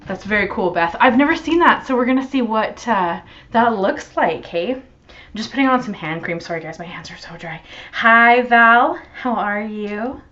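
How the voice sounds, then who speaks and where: A woman's voice: a little high, expressive, moderate pace, fairly bright tone, lo-fi sound. A young Canadian woman with a Canadian accent hosting a casual crafting livestream, greeting viewers by name and laughing often, heard through the camera's built-in microphone. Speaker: crafting channel host.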